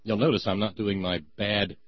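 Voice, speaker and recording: Sarcastic male host of a satire segment; husky voice, close dry mic. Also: fairly low pitch, steady tone, moderate pace, dry recording, dull audio. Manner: sarcastic, mocking, stumbling restarts. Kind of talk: satirical comedy monologue.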